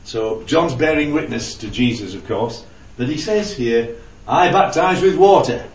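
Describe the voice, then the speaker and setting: A man's voice: mid-range voice, lively intonation, measured pace. Guy running a bible study, chatty, keeps going "right? yeah?", far off mic in an echoey room. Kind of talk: informal Bible study teaching. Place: room with a small group. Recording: roomy, distant, dull lo-fi recording.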